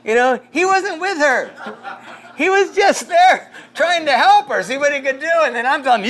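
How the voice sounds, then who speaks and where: A pastor leading a casual Bible study, rambling through a story with lots of fillers and chuckles. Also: male voice, very high-pitched, very animated, measured pace, fairly bright tone.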